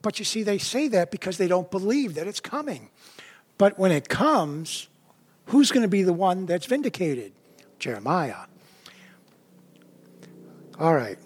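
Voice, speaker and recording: A man's voice: high-pitched, very animated, measured pace, pauses often, husky. A man who is a pastor, giving a conversational sermon, often checking in with "right?" and "you know", and acting out quoted voices with sudden rises.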